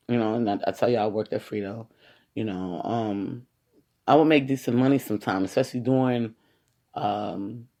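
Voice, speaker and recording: A woman's voice: rumbling low, warm tone. New York woman talking off the cuff. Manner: rambling, conversational, keeps saying "you know". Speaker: community activist and podcaster. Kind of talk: casual podcast monologue.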